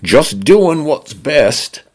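A man voicing a meddling male smart-home AI with a Cockney-leaning British accent, bright, friendly and lecturing. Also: fairly high pitch, big pitch swings, drawn-out words, voice pushed up, full character voice. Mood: cheery, bossy.

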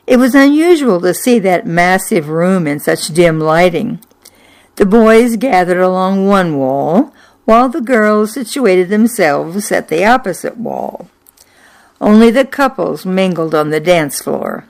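An older woman tells a story from her own childhood, her voice sitting a little low. She takes her time over every sentence, with a dry, wistful humor. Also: lively intonation, measured pace, a little mellow. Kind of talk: personal memoir storytelling.

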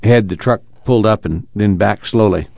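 Male audiobook narrator, steady delivery, low pitch, dull lo-fi sound. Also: brisk, gravelly, no room sound. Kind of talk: scripted narration. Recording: dull lo-fi recording.

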